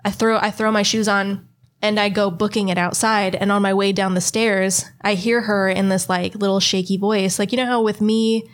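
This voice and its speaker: A woman's voice: mid-range voice, steady tone, normal speed. Casual, swearing young woman telling a story. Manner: chatty, swears freely, acts out quoted voices. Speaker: podcast co-host.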